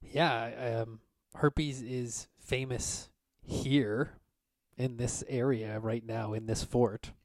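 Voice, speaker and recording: A man narrating as game master of a tabletop game, relaxed and halting with many fillers. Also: medium pitch, no room sound, studio quality.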